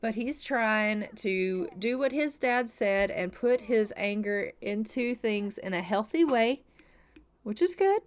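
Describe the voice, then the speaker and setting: A woman's voice: mid-range voice, animated, slow. Chatty, playful woman narrating a game. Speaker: gaming YouTuber. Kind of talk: casual let's-play narration.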